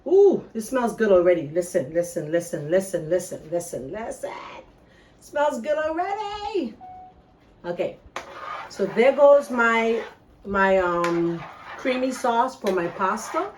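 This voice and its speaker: A woman's voice: mid-range voice, expressive, unhurried, a little mellow, distant mic, a little hiss or hum, poor audio. A middle-aged woman with a Bahamian accent, hosting a casual cooking video and chatting straight to her viewers. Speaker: cooking show host. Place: home kitchen. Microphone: phone camera.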